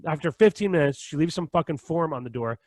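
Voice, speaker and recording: A man's voice: on the high side, expressive, fast, dry recording. A young man co-hosting a podcast, telling a long story with lots of swearing and acting out both sides of an argument. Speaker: podcast co-host. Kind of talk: casual storytelling chat.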